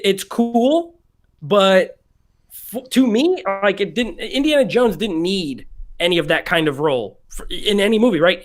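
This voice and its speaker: A man co-hosting a casual movie podcast, thinking aloud and explaining his opinions at length. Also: high-pitched. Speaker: podcast co-host. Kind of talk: casual chat.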